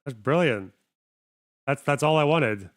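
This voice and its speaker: A man's voice: medium pitch, animated, a little slow, no echo, clean studio sound. A man hosting a livestream, giving casual, sardonic reaction commentary and swearing freely. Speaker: livestream host.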